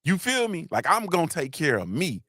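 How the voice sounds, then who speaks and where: With huge swings in pitch and a slightly fast pace, a middle-aged man leads a live motivational talk in clean, echo-free studio audio. He repeats his points, preaches, and acknowledges viewers aloud. As he grows emotional, his voice drops.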